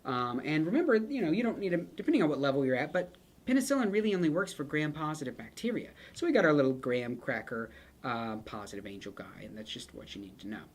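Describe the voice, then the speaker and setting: Casual, animated nursing lecturer, joking asides, very expressive pitch. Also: fast. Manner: chatty and joking, with playful asides to students. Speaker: nursing pharmacology instructor. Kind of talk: casual lecture with picture mnemonics.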